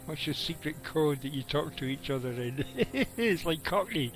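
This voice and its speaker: A man's voice: on the high side, very animated, moderate pace, faint music behind, poor audio. Rambling middle-aged man streaming. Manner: rambling, chatty with viewers, swears casually. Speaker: game streamer. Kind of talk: casual live gameplay commentary.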